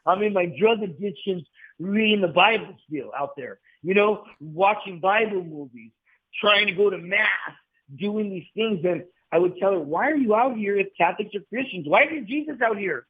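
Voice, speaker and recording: A man telling his conversion story in a casual podcast conversation, emphatic and animated, with slang like "bro" and "brother". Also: high-pitched. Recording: tinny phone-like audio.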